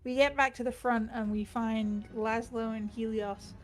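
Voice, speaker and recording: A woman's voice: a little high, fairly even intonation, unhurried. Rambling, swearing woman recapping a game. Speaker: player recapping the session. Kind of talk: casual chat.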